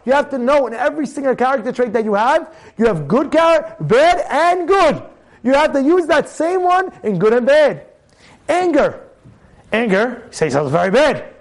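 A rabbi giving a sermon on the weekly Torah portion. He is emphatic, repeats phrases, asks rhetorical questions, and shifts between loud outbursts and low asides. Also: sing-song, normal speed.

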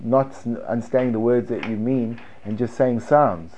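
A man teaching a Torah class, animated, swinging between loud emphasis and hushed tones. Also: medium pitch, moderate pace.

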